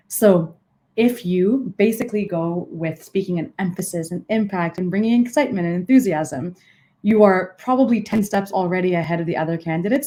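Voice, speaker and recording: A young woman coaching job seekers in a live online workshop, energetic, with frequent "so" and "okay" as she shifts emphasis. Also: lowish voice. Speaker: interview coach.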